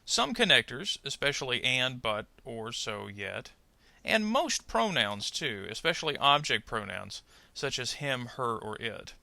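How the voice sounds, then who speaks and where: Teaching pronunciation from a script, a man speaks in a very bright, somewhat gravelly voice with big pitch swings, rising and falling as he emphasizes stressed words. Each point comes out slowly and clearly, his model sentences are deliberately over-articulated for learners to repeat, and there is no room sound.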